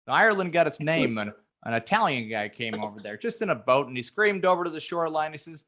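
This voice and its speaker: A man's voice: a little high, sing-song, quick pace, hardly any pauses, pushed and bright. A man from the United States co-hosting a podcast, joking and rambling in casual chat. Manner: joking, rambling, tells jokes with put-on voices. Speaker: podcast co-host.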